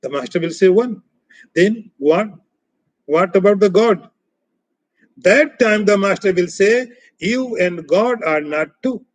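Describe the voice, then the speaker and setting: A man teaching as a spiritual teacher in a scripture lecture, speaking in short, emphatic, repeated phrases that often trail off softer. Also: high-pitched, lively intonation, slow, long pauses, dry recording, rough recording.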